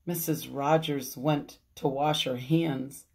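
A woman pastor reading a picture book aloud for children's storytime, adding animated asides. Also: on the low side, slow pace, vocal fry. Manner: animated, chuckling asides to young listeners.

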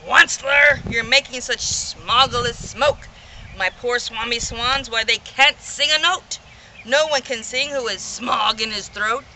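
A woman voicing a grumpy small male forest creature who scolds loudly, in a storybook reading. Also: on the high side, slight background noise, exaggerated voice. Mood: angry. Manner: loud, scolding, drawn-out shouts.

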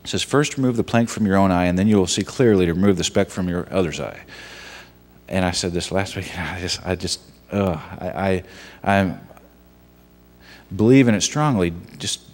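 A man giving a conversational sermon and reading scripture, talking in a halting way with frequent restarts and asides. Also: low-pitched, big-room sound. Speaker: guest preacher, son of the pastor. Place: church sanctuary.

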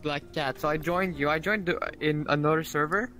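Man, game voice chat, halting explanation, slightly raised pitch. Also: fairly even intonation, crowd noise. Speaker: player in voice chat.

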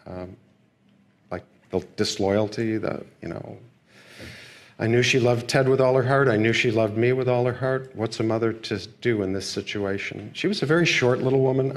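An older man giving a lecture, telling a personal story in a subdued, reflective and hesitant way. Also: fairly low pitch. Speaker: guest lecturer. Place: school lecture hall.

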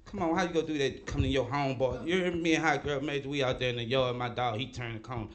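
A man doing live stand-up comedy, working the crowd loudly and repeating his punchlines. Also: medium pitch, fast, a little hiss or hum. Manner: loud, animated crowd work with repeated tags. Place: comedy club stage.

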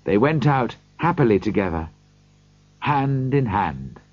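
A man reading a storybook aloud slowly for learners, in scripted narration. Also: lowish voice, very animated, no room sound, muffled recording. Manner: slow, clear reading for learners.

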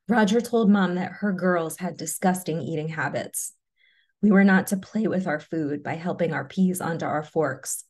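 A woman reading a personal story aloud in a measured, low-key way, then presenting to an audience. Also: darkish tone. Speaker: webinar presenter.

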